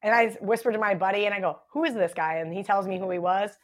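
Woman, 30s, podcast guest, mid pitch, chatty anecdote delivery with lots of "like". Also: fast. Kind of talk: casual storytelling chat.

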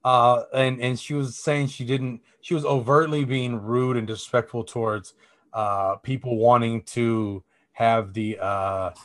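This young podcast co-host has a medium-pitched, fairly bright voice with a steady tone and an unhurried pace. In casual chat, he rambles through long stories, using many fillers and casual swearing.

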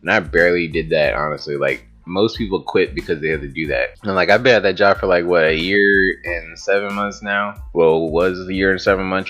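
A young man with a low, deep voice tells a story straight to camera, loose and rambling. He swears freely and leans on "like" between his words. Faint music plays underneath. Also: a little fast, hardly any pauses, a bit bright. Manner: rambling, profane, with frequent "like" fillers and laughs. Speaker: vlogger telling a story. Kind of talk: casual storytelling monologue.

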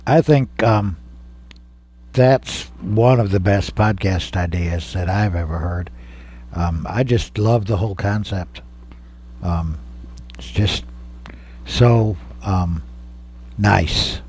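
A man's voice: on the low side, takes it slowly, long pauses, a little mellow, a little hiss or hum. A man co-hosting a casual podcast, enthusiastic and approving. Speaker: podcast co-host. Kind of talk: casual chat.

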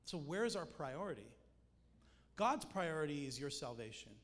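A man's voice: on the high side, very animated, normal speed. Preacher man in a reverberant hall. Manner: conversational and joking, with emphatic points. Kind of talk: sermon. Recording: long hall reverb with music behind.

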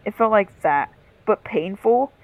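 A woman's voice: medium pitch, expressive, a little slow, phone-quality sound. A young woman co-hosting a casual podcast, telling a long story in a rambling, profane way. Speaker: podcast co-host.

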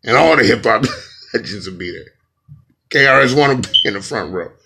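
A man doing a loud, bossy secret-society voice. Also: fairly low pitch, expressive, brisk, vocal fry, breathy edge, full character voice. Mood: commanding. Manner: loud, bossy, breaking into laughs. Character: commanding male secret-society voice, menacing.

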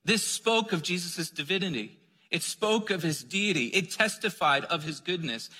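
A man preaching a sermon, conversational and joking, dropping to a soft voice when he reads scripture. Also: high-pitched, expressive, normal speed. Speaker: pastor. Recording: long hall reverb.

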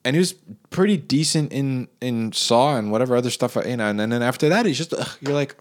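A man doing a rambling comic rant, his pitch jumping up high for emphasis. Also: expressive, brisk, hardly any pauses.

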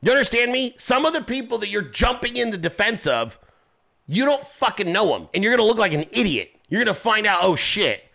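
Fiery high-voiced ranting male host. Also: big pitch swings, fairly quick, vocal fry, bright, forceful tone. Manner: profane, confrontational ranting; mocks people with quoted voices. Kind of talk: political commentary rant.

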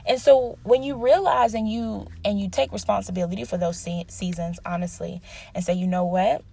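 A woman's voice: mid-range voice, fairly even intonation, normal speed, creaky, dark tone, breathy edge. A young woman giving an earnest, conversational devotional teaching, telling personal stories and laughing at herself now and then. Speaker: Bible teacher.

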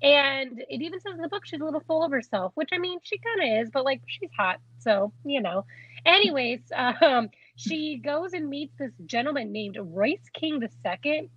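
A woman's voice: high-pitched, lively intonation, normal speed, no echo, lo-fi sound. A young woman co-hosting a podcast, chatting in a bubbly, giggly way with lots of "like". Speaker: podcast co-host. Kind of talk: casual chat.

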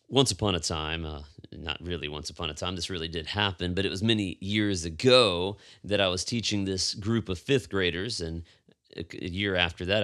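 A man's voice: sits low, bright, forceful tone. A middle-aged man preaching a sermon, telling a classroom story in a conversational way and acting out the dialogue. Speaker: pastor.

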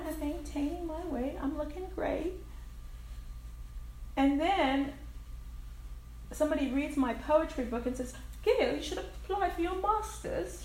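A woman's voice: high voice, a little mellow, a little hiss or hum. Candid older woman in an echoey room. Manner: candid and frank, swears casually, laughs at herself. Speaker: speaker at a recovery meeting. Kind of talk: personal recovery share. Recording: echoey room with faint ambience.

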